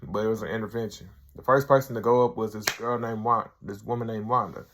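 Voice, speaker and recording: A man's voice: fairly low pitch, fairly even intonation, fast talker, a bit bright, slight background noise. A man hosting his own video review channel, walking through a comedy episode in a loose, chatty way. He fills his retelling with "like" and "he's like" and keeps an everyday speaking voice. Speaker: show reviewer, channel host.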